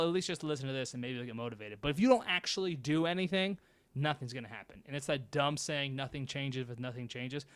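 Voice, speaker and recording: A man's voice: a little high, smooth. A young man hosting his own show, talking bluntly and with swearing in a fired-up motivational monologue. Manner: blunt, profane, animated. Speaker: host.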